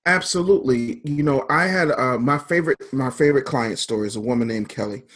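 Fervent husky-voiced man. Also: medium pitch, fairly quick, fairly bright tone. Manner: fervent, preacher-like, builds in repeated phrases. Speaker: business coach and speaker. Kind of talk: motivational interview talk.

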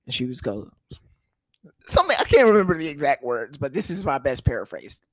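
A man co-hosting a podcast, telling a personal story in casual chat, animated and swearing, laughing often. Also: a little high, a little fast, dry recording. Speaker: podcast co-host.

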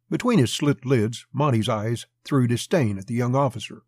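A man narrating a western novel in a steady storytelling voice. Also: mid-range voice, normal speed, few pauses, breathy edge, no room sound. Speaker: audiobook narrator.

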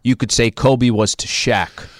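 A man's voice: mid-range voice, steady tone, a little slow, dry recording, clean studio sound. A man hosting casual sports talk, recounting games in a conversational way with fillers.

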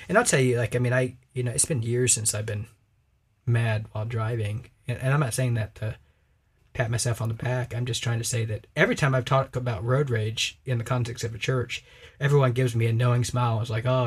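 Husky guy on a church podcast, preachy and emphatic, keeps doing little voices. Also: mid-range voice. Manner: emphatic, preachy, quick to act out quoted voices. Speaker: podcast co-host. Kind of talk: casual religious podcast discussion.

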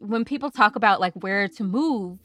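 A woman co-hosting a podcast in casual chat, playful and quick to laugh. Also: mid-range voice, a bit bright. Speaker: podcast co-host.

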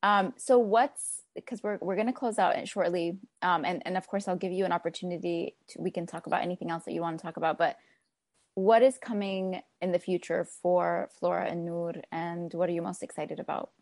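A woman hosting an interview, chatty and quick to laugh while asking her guest questions. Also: lowish voice, fairly even intonation, darkish tone, no echo. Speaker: interview host. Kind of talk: casual interview.

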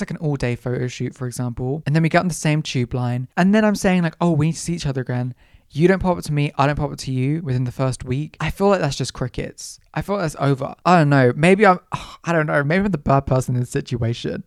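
A chatty young man talks through his thoughts on a solo podcast, slightly higher-pitched than most men. He rambles, second-guesses himself and slips into playful acted-out quotes. The sound is close and dry, with no room around it. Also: no room sound. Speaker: podcast host. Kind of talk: casual solo podcast chat.

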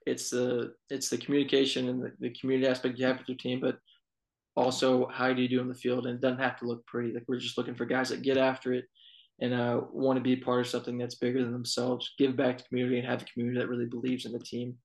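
Fast-talking gravelly young coach. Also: male voice, medium pitch, low-quality recording. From Texas. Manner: storytelling, relaxed, many fillers. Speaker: college baseball assistant coach. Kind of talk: casual interview answers.

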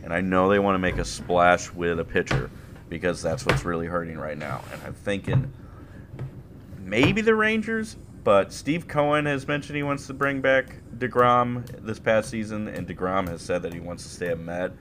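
A man's voice: low voice, normal speed, noisy background. A man co-hosting a casual sports podcast, joking and swearing through the banter. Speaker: podcast co-host.

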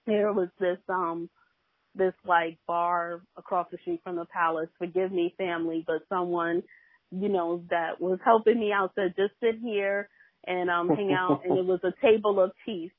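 A woman's voice: on the low side, dry recording. Woman telling a faith testimony over the phone. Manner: storytelling, with many hesitations. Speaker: podcast guest, minister. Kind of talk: faith testimony in a podcast interview. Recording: tinny phone line.

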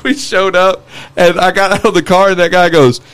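Male co-host, high-pitched, laughs through his yarns. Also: normal speed, smooth. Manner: laughing, relaxed yarn-spinner. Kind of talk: casual storytelling chat.

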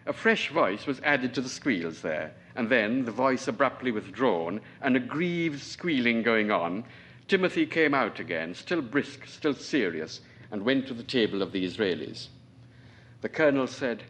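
A man in his forties from Trinidad, reading his own fiction aloud at a lecture in a measured, precise manner. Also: medium pitch, sing-song, a bit bright, husky. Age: 40s. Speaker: novelist, lecturer.

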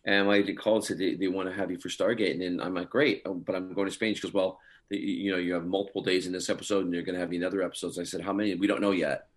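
A man's voice: sits low, flat delivery, rapid-fire, few pauses. A man, an actor, chatting in an interview and rambling through stories with lots of fillers. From Scottish heritage through his parents. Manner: rambling storytelling, many fillers. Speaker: actor guest. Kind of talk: casual interview chat.

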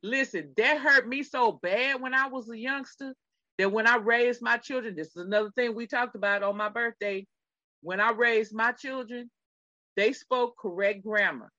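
A woman's voice: on the high side, normal speed, pushed and bright, no echo, dull audio. A middle-aged woman co-hosting a podcast in casual chat, emphatic and talking straight to her listeners. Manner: emphatic, addresses listeners directly. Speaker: podcast co-host.

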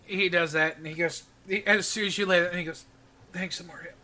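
Game master, male, bright and forceful voice, casual narration. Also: high voice, steady tone, fast talker. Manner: casual, narrating actions with many "he goes".

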